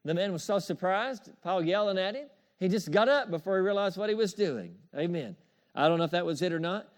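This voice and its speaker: A man delivers a sermon in a high, ringing voice. He preaches emphatically, repeats key phrases and draws amens from his listeners, now and then chuckling between points. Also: animated, fairly quick. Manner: emphatic, repetitive call-and-response preaching with chuckles. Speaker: pastor.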